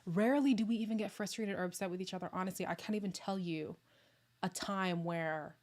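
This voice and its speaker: An animated woman in casual livestream chat, talking straight to her viewers. Her voice sits at a middling pitch, and she is chatty and expressive. Now and then she drops to a hushed aside. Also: a little fast. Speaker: vlogger answering viewer comments.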